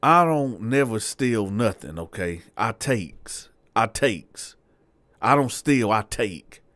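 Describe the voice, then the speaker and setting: A man voicing a brash, swaggering older male convict who talks loud and crude and brags about himself. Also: lowish voice, animated, slow, no echo. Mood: boastful.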